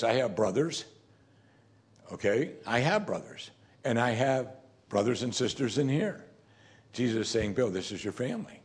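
A man delivering a sermon to his congregation in an easy, conversational manner. He keeps firing rhetorical questions at his listeners and slips into character when he quotes scripture. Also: mid-range voice. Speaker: pastor.

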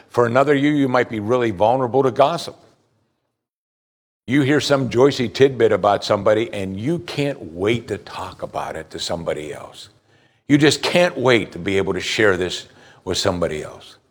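A man's voice: mid-range voice, moderate pace. Man preaching a sermon, asking pointed questions. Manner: asks the congregation pointed questions; reads scripture aloud between remarks. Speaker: pastor.

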